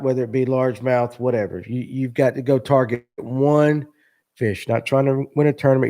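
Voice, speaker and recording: A man hosting a casual live-streamed fishing talk. He asks his guests lots of questions in a loose, animated way, and his pitch sits in an ordinary middle range. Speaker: show host.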